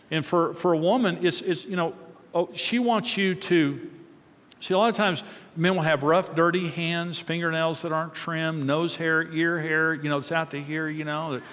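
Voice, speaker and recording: A middle-aged man speaks to a live audience about marriage, in a relaxed, conversational teaching manner full of anecdotes and repeated words. His voice sits a bit high for a man. The sound carries a long reverb from a large hall.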